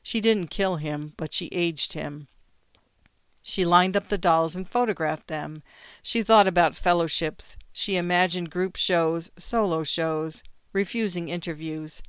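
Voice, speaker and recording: A calm reader carries a literary short story at an even, measured pace. The voice is smooth and resonant. The recording is close and completely dry, with no room sound. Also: mid-range voice, no room sound. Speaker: audiobook reader. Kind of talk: scripted short story narration.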